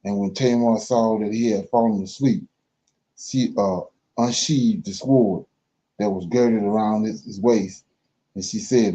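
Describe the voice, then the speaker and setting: A man reading scripture aloud for a Bible study, slow and careful, pausing and correcting himself as he goes. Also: on the low side, steady tone, dark tone, lo-fi sound.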